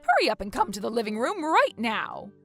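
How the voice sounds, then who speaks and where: A woman's voice: on the high side, wildly swooping pitch, a little fast, a bit bright, faint music behind, heavily acted. A woman playing a bossy, scornful older mother-in-law who nags and orders people around. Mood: scolding. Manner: nagging, domineering.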